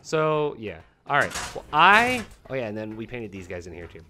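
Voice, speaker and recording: A let's-play host giving casual gameplay commentary, excitable and talking to viewers and to the game animals. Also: medium pitch, moderate pace, background noise.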